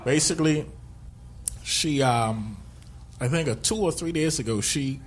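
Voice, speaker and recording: A man's voice: fairly high pitch, unhurried, a little hiss or hum. A man co-hosting a podcast in casual chat, rambling, joking and laughing often. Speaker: podcast co-host.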